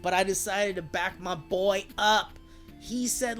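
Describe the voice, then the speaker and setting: Faint music sits behind this man's high, fairly bright voice as he talks a little slowly during a video game livestream. He jokes around, rambles and swears freely with his chat.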